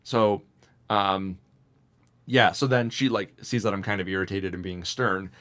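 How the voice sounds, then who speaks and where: A young man co-hosting a casual podcast, telling a story in an animated way and mimicking the voices of the people in it. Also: low voice, unhurried. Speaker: podcast co-host.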